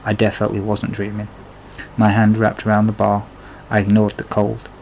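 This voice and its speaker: A man's voice: lowish voice, completely flat delivery, a little fast, creaky, a little mellow, a little hiss or hum, poor audio. A man narrating his own life story in a plain, confessional way, with blunt swearing. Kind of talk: memoir storytelling.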